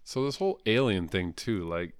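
A man's voice: lowish voice, very animated, moderate pace, clear, resonant tone, no echo, clean studio sound. A man co-hosting a casual comic book podcast, crude and joking, rambling with lots of fillers. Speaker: podcast co-host.

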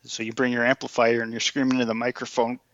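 A man's voice: mid-range voice, monotone, quick pace, fairly bright tone, no echo, dull audio. A man co-hosting a political podcast, pressing his point with analogies and rhetorical questions. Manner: insistent, argues through analogies and rhetorical questions. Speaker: podcast co-host. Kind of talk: political debate chat.

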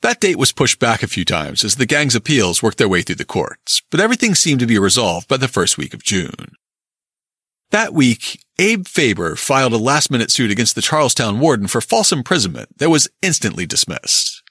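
A man's voice: mid-range voice, moderate pace, breathy edge, no echo, clean studio sound. A man narrating a scripted true-crime history and reading old newspaper accounts aloud. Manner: lively storytelling, quotes old newspaper accounts.

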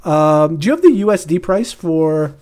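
Male podcast co-host, a bit higher-pitched, loose and rambling, laughs easily. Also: lively intonation, normal speed, darkish tone. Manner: rambling, laughs often, many fillers and restarts. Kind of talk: casual crypto market chat.

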